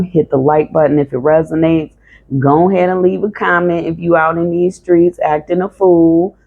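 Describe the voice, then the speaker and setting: A woman tarot reader talks straight to her viewers in a flat, monotone channeling voice. She is blunt and casual and swears now and then. The sound is thin and tinny, like a phone line. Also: deep voice. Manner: monotone, calm channeling delivery. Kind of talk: casual tarot reading to camera.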